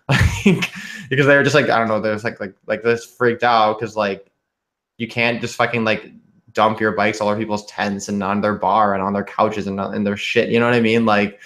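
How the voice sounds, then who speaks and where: A man's voice: lowish voice, fairly bright tone. A man who is a guest in a casual chat, telling a story with constant filler, heavy swearing and sarcastic asides. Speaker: podcast guest.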